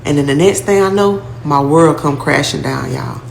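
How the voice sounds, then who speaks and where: Woman storyteller, lowish voice, blunt and profane, echoey room. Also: normal speed, gravelly, slight background noise. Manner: blunt, profane street talk with acted-out quotes. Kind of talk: casual first-person storytelling.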